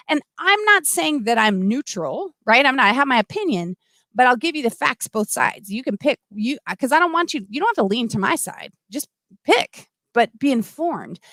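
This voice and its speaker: A middle-aged woman hosting a casual livestream, chatty and animated, full of asides and restarts. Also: high voice, moderate pace, no room sound. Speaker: livestream host. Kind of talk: casual livestream talk, reading comments.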